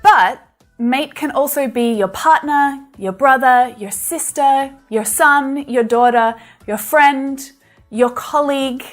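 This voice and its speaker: An Australian woman with a slightly high voice gives a friendly, explanatory English lesson in her own Australian accent. Faint music plays softly behind her. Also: slow pace. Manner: friendly, explanatory, laughs now and then. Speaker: English teacher.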